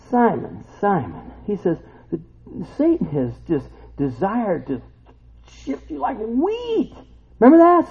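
Husky animated man preaching, phone-like sound. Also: fairly high pitch. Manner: animated, conversational, acts out the voices of people he quotes. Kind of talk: casual sermon. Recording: tinny lo-fi phone-like recording.

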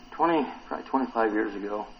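Animated man preaching a lo-fi sermon. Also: on the low side, a little hiss or hum. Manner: animated, asks the congregation questions, acts out quotes.

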